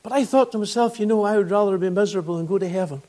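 High-voiced Northern Irish preacher. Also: male voice, rapid-fire, warm tone. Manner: earnest storytelling, rising to fervent appeals. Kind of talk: gospel sermon testimony.

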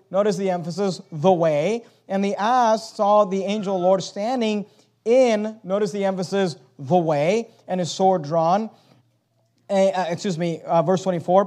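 A man's voice: sits high, dark tone. A man preaching a sermon to his congregation, reading scripture aloud and stressing key phrases with growing intensity.

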